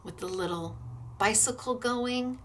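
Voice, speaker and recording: Bubbly, bright-voiced woman crafting host. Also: fairly high pitch, measured pace, a little hiss or hum. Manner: bubbly, encouraging, gushing. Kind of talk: crafting tutorial.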